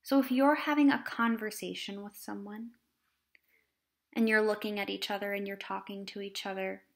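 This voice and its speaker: A woman teacher explaining a lesson to children in a lively, animated way. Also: on the high side. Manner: animated, acts out examples in different voices.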